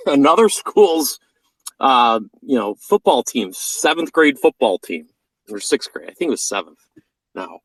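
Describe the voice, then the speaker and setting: A man's voice: medium pitch, a bit bright, no echo, low-quality recording. A man in his thirties telling a personal story in a blunt, profane way, acting out the quoted lines. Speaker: vlogger. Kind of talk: casual storytelling monologue.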